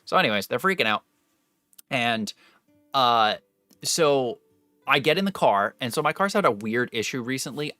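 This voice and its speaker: A young adult man streaming live, telling a rambling story to his chat with animated, loose energy and casual swearing. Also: medium pitch.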